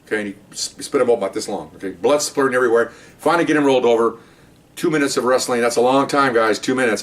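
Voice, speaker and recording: A middle-aged man, a former police officer, telling a story from his patrol days in a casual, animated way, talking to his listeners. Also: medium pitch, recorded from a distance. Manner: conversational, animated, asides to listeners.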